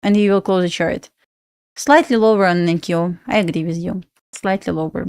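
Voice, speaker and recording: With a low-leaning, steady, clear and resonant voice that is a little mellow, a woman from Belarus speaks at normal speed in a Belarusian accent. As a livestream trading host she chats, laughs often, and reads out and answers viewers' questions; the sound is clean studio quality without room sound.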